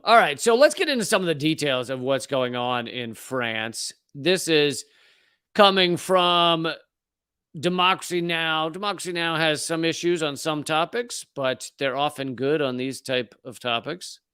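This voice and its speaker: An American comedian hosts his live show in a slightly high, sharp voice at a measured pace, the sound clear and resonant with no echo. He rants casually and sarcastically about the news, mocking pronunciations, laughing, and frequently restarting as he stumbles through his jokes.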